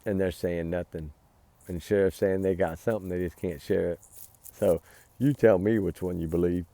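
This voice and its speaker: A man's voice: deep voice, steady tone, moderate pace, mellow. A man giving heated, emphatic casual commentary as a vlogger, recorded outdoors by a fire at night. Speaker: true-crime vlogger.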